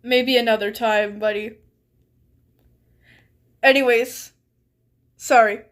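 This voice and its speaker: A young woman streaming live in casual chat, reading a chat log aloud and laughing often as she talks. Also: sits high. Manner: giggly, laughs often mid-sentence.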